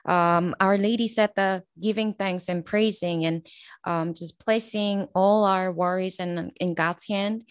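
An earnest woman shares devotional thoughts and reads a passage to a prayer group, pausing often with "um." The sound is dry and close, with no room echo. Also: medium pitch, fairly even intonation, clean tone. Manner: earnest, with many "um" pauses. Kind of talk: devotional sharing and reading.

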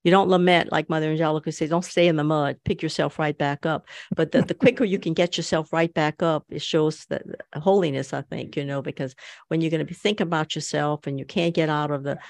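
A man's voice: on the high side, steady tone, fairly quick, creaky, no room sound. A man speaking earnestly and with measure about faith and mercy. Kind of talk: spiritual talk.

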